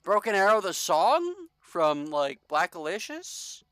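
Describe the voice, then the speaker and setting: Guy streaming a game, goofy sarcastic commentary, bright voice, very dry sound. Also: high voice, big pitch swings, a little slow, dry recording. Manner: jokey, sarcastic, reads game text aloud. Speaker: gaming streamer. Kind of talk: casual gameplay commentary.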